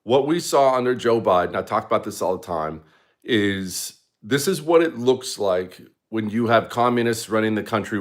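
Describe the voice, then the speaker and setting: A male host delivering a heated political monologue at a medium pitch. He talks in a combative, sarcastic way and now and then slips into a mocking voice for the people he criticizes. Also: a bit bright. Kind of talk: opinion monologue.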